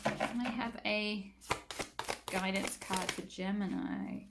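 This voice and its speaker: A woman doing a relaxed tarot reading for her channel, talking in a loose, rambling way packed with fillers. Her voice has a gravelly, fry-tinged texture at a middling pitch. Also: slow, very noisy. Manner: chatty, rambling, many fillers. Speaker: tarot reader. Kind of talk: casual spoken tarot reading.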